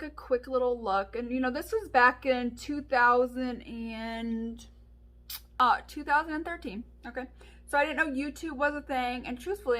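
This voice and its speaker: A woman's voice: high voice, a bit bright. A woman in her thirties telling a story to her viewers in a casual, chatty vlog, full of fillers and asides. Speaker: beauty vlogger.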